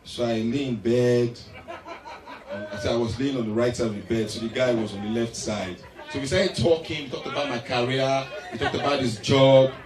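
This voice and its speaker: A man's voice: medium pitch, moderate pace, recorded from a distance. A man doing stand-up comedy, telling a story animatedly and slipping into acted voices, recorded live on stage in an echoey hall. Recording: echoey live hall, mic from afar, crowd.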